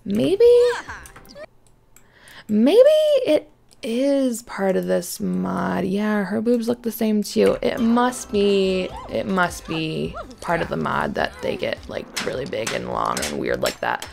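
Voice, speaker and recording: A young woman casually chatting over her game as a YouTuber, excitable and often dropping to a whisper. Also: medium pitch, slow, gravelly. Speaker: gaming YouTuber. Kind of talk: casual let's-play commentary.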